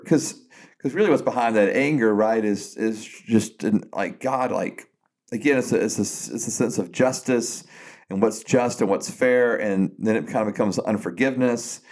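A man's voice: lowish voice, a little mellow. A man co-hosting a podcast, chatting casually about faith and retelling a story with frequent restarts. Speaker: podcast co-host.

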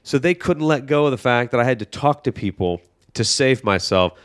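A man's voice: mid-range voice, lively intonation, normal speed. A man, a comedian and podcast guest, telling rambling anecdotes in casual chat.

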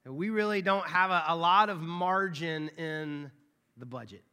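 A man in his thirties preaches an earnest sermon, his bright, slightly high voice at times dropping to a near whisper. The sound rings with the long reverb of a large church hall. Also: measured pace, clear, resonant tone. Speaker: pastor.

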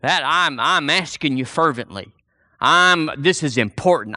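A male preacher delivers a fervent sermon and keeps circling back to the same phrases. His voice is bright and forceful. It sits a little high, and the sound is close and dry. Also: expressive, unhurried, no room sound. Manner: fervent, repetitive preaching with call-and-response.

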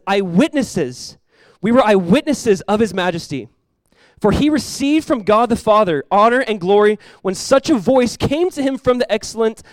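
A young man delivers a sermon in a relaxed, chatty style, filling it with "like" and brief voiced quotes. His voice sits somewhat high and he talks quickly. The sound is dry and close, with no room echo. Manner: conversational preaching, peppered with "like", voicing Jesus and the disciples. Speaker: pastor.

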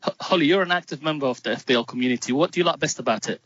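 A man co-hosts a podcast, asking questions with a teasing, playful edge. His voice sits fairly high for a man, close and dry, on slightly dull lo-fi audio. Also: rapid-fire, a bit bright, no echo. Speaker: podcast co-host. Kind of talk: casual podcast chat. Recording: dull lo-fi sound.

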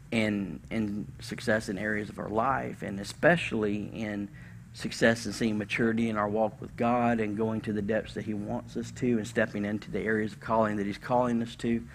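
A male pastor giving a conversational, animated sermon in church, with casual slang and sudden bursts of emphasis. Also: on the low side, slight background noise.

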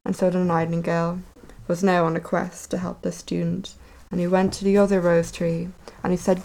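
A woman's voice: fairly low pitch, level tone, moderate pace, gravelly, a little mellow, poor audio. A woman casually retelling a fairy tale aloud, with wry conversational asides. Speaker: storyteller.

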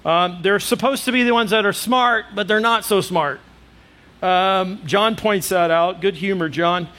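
Brief: male pastor, high voice, conversational sermon delivery, plays out quoted voices. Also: a little slow. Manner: frequent fillers, lively asides to listeners.

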